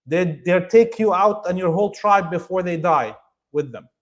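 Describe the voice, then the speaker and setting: A middle-aged man, a guest in an interview, telling a story in an emphatic, animated way with many fillers and restarts. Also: sits high, moderate pace.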